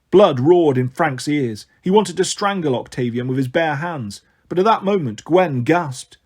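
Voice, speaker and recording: A man reading a novel aloud as an audiobook narrator, measured and expressive. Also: on the high side, breathy edge. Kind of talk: storytelling narration.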